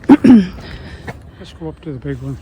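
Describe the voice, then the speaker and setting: A man's voice: fairly high pitch, very animated, slow, dull audio. An older man chatting casually and matter-of-factly while hiking with his wife outdoors. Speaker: husband on a hike. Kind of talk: casual chat. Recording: noisy outdoor trail recording.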